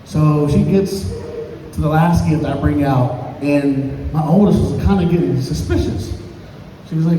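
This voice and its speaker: A man in his thirties doing an open mic stand-up set, telling stories and acting out quotes with big jumps in pitch. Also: moderate pace, dark tone. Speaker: stand-up comedian. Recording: echoey hall from far off, faint room noise.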